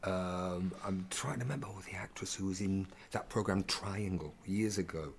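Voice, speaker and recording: Male actor guest, deep-ish voice, lively stop-start storytelling, faint noise behind. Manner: animated, halting with many restarts, acts out voices in quotes. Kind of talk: anecdotal storytelling in an interview.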